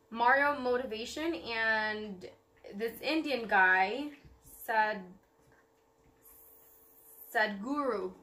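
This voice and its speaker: Bubbly young woman vlogger, bright voice. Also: a little high. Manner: bubbly, rambling with many fillers. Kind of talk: casual vlog chat.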